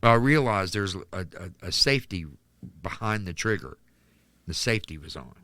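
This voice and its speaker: A man from North Carolina telling a candid personal story as a podcast guest, halting with restarts and fillers. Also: lowish voice, lively intonation, sharp tone. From North Carolina, United States.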